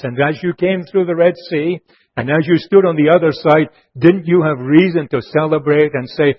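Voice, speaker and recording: A man preaching an expository sermon, earnest, slowing down and dropping his voice low on key phrases. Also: slightly rough. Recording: muffled lo-fi sermon recording.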